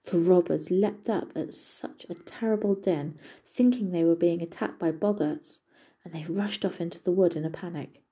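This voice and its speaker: A woman reading a fairy tale aloud as a storyteller, in a steady, gentle manner. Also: fairly low pitch, moderate pace, slightly rough. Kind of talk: storybook narration.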